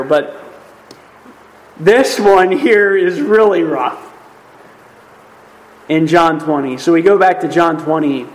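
A man with a slightly high voice teaches through a Bible passage in a video, emphatic and conversational, often checking in with "right?". The recording is rough.

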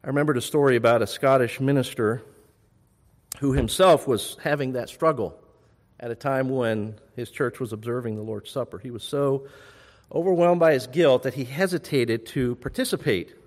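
A man preaching a sermon as pastor, rising to loud urgent appeals and dropping to soft, hushed reassurance. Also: medium pitch, normal speed, big-room sound.

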